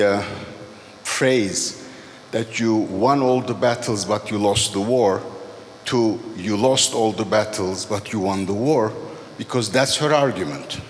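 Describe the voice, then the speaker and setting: A man in the audience who asks a panel a question in a deliberate way, pausing as he speaks, in a conference hall. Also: on the low side. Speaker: audience member asking a question. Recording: echoey hall with faint background noise.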